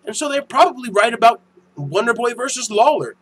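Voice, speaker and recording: A young man hosting a casual MMA news channel, ranting in a profane, animated way that turns heated and loud. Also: very high voice, husky, poor audio. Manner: profane, animated, quick to get heated and shout.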